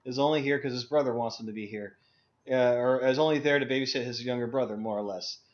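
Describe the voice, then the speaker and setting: A man's voice: medium pitch, fast. A young man in casual conversation over a voice call, ranting bluntly and with lots of profanity. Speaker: discussion co-host. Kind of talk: casual Skype chat. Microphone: video call. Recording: dull lo-fi voice call audio.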